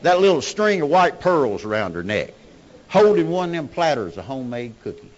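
A man giving a personal testimony talk, swinging between hushed and shouted delivery. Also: on the high side, very animated, normal speed, muffled recording. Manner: Southern-style storytelling, emotional swings from hushed to shouting. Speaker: speaker sharing recovery story.

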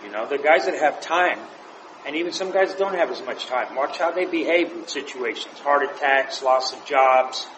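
A man's voice: medium pitch, expressive, normal speed. Man sharing stories in an echoey room. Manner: anecdotal, chuckles through his stories. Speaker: meeting member sharing. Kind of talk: casual storytelling share. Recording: echoey room with faint noise.

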